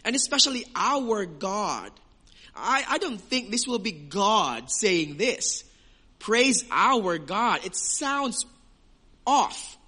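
High-pitched guy preaching real slow, lots of questions to the congregation. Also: sing-song, bright, forceful tone, slightly rough. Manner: emphatic preaching with rhetorical questions and long pauses. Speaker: pastor. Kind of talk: sermon.

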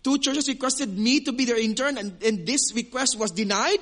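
A man's voice: very high-pitched, normal speed, a bit bright. A man with a Filipino accent, a pastor preaching an earnest sermon who often repeats words while he searches for his phrasing. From Western Visayas, Philippines.

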